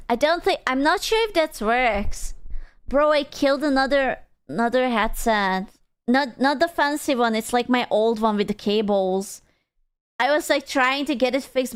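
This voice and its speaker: A woman's voice: a little high, unhurried, clear, resonant tone. A young woman streaming, chatting casually and playfully, teasing and swearing often. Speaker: VTuber streamer. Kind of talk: casual livestream chat.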